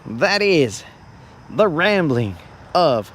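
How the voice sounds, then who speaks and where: A man's voice: a little high, sing-song, extremely slow, fairly bright tone, a little hiss or hum. Slangy, joking male fishing streamer rambling from a boat, with a slightly raised voice. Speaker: fishing livestream host. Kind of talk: casual rambling livestream chat. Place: on a boat on a lake, outdoors.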